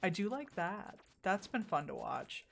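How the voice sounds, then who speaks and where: A woman's voice: medium pitch, very animated, measured pace, gravelly, slight background noise. Woman streamer grumbling at a game, voice swings up and down a lot, swears, rambles. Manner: exasperated, swears, rambling asides. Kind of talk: casual gameplay chat.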